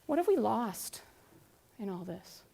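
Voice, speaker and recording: A woman in her forties giving a lively, conversational talk, asking the audience questions and acting out scenes. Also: on the high side, a little slow, creaky, slight background noise. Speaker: conference speaker.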